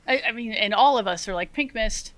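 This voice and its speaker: A middle-aged woman, a retired Army sergeant, telling stories as a podcast guest in a lively, self-deprecating way, laughing often and acting out what people said. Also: medium pitch, fast, no room sound. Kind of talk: casual interview storytelling.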